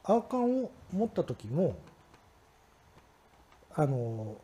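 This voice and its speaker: A man's voice: fairly high pitch, very animated, a little slow, warm tone. A male clarinetist thoughtfully describing a new instrument's key. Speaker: clarinetist giving feedback.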